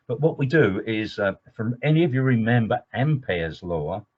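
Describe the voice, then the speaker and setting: A man's voice: on the low side, lively intonation, moderate pace, hardly any pauses, slightly rough. A man teaching as an engineering trainer in a webinar lecture, enthusiastic and digressive, with many fillers. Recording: dull lo-fi webinar audio.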